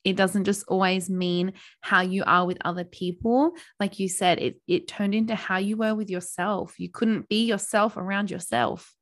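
A young adult woman co-hosting a podcast, talking openly and earnestly in casual chat, animated when telling stories. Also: mid-range voice, moderate pace, hardly any pauses. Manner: open, earnest, animated storytelling. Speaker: podcast co-host.

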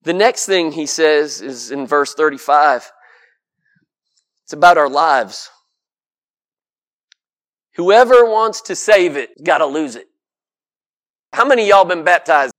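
A man's voice: a little high, fairly bright tone. A man preaching a sermon to a congregation in an emphatic, folksy way, piling up lists and asking rhetorical questions.

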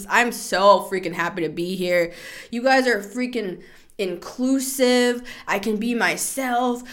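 Woman in her 30s doing a laid-back tarot reading, chatty, laughs a lot, swears casually. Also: lowish voice. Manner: animated, shifts into playful voices. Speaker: tarot podcast host.

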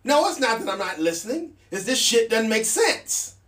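A man's voice: very high-pitched, sing-song, normal speed, fairly bright tone, far from the mic. A man hosting a casual solo podcast, talking bluntly and with a sardonic edge. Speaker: podcast host. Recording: echoey room, off mic.

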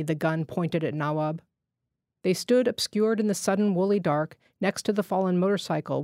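A woman reading a literary short story aloud in a measured, restrained way, voicing the dialogue lightly. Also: lowish voice, dry recording, studio quality.

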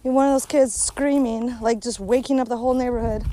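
A woman with a slightly high, mellow voice rants in a casual monologue, blunt and sarcastic, swearing freely. She is talking outdoors on a hike, with a faint wash of open-air ambience behind her. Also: fairly even intonation, brisk, a little hiss or hum, low-quality recording. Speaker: vlogger.

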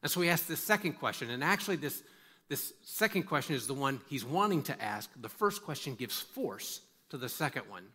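A male pastor delivering a sermon with a bright, forceful tone. He preaches emphatically, repeats words for stress and puts questions straight to his listeners. His voice sits at an ordinary pitch for a man. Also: sing-song, fairly quick, husky. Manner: asks listeners direct questions.

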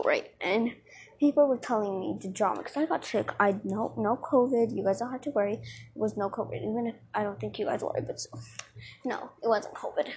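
A woman's voice: medium pitch, a little hiss or hum, poor audio. A teenage girl chatting casually to her viewers in a rambling, distracted way, full of fillers, with a dry throat. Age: teens. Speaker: vlogger.

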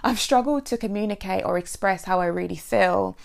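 A woman's voice: medium pitch, moderate pace, creaky. A woman hosting an unscripted solo podcast as a coach, talking in a heartfelt, emotional and rambling way with many fillers. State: sore throat lately.

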